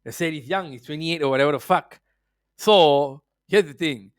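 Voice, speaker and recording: A man's voice: on the high side, moderate pace, clear, resonant tone, no room sound, clean studio sound. A man hosting a football podcast, ranting brashly and profanely in casual opinionated chat, slipping into mocking voices.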